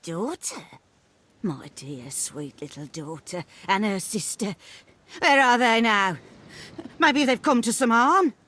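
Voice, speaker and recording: A woman's voice: medium pitch, expressive, takes it slowly, pushed and bright, full character voice. A woman voicing a suspicious, half-mad old grandmother in a video game, rambling and scolding. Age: older. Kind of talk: video game cutscene acting.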